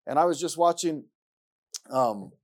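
A man preaching a sermon, repeating himself and rising from quiet passages to loud ones. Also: fairly high pitch, expressive, a little slow.

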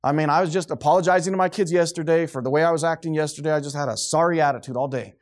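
A middle-aged man preaches with fervent, preachy conviction. His voice sits somewhat high for a man, and he now and then loses his train of thought. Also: racing. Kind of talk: sermon.

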